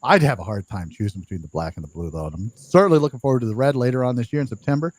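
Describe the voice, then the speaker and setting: A man's voice: medium pitch, animated, rapid-fire, dry recording. An older man hosting a casual live-stream chat, chatty and laughing, reading out viewer comments, his voice a bit worn. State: losing his voice. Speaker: podcast host.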